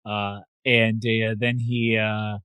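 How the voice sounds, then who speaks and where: Male podcast co-host, middle-aged, low voice, dry close sound, quick chatty delivery. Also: level tone, fairly bright tone, clear, resonant tone, no room sound, poor audio. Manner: quick, chatty, filler-heavy. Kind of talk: casual chat.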